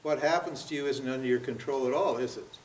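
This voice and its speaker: Speaking quickly at medium pitch, a US-born man in his seventies leads a spiritual seminar in a yoga center's seminar room, firing rhetorical questions peppered with "huh?" and "what?". Captured from a distance in a roomy space, with slight background noise.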